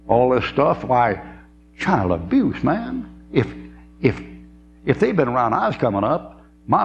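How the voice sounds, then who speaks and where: A man's voice: medium pitch, gravelly. A man, preaching a folksy sermon, telling stories and laughing often. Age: 70s. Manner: folksy storytelling, laughs often, drawling asides. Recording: dull lo-fi tape with faint hum.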